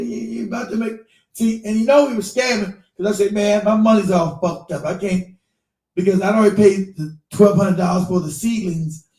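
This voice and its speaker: A man's voice: sits high, warm tone, roomy sound, recorded from a distance, poor audio. A man hosting a casual chat, retelling a story with lots of swearing, laughter and quoted voices. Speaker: show host.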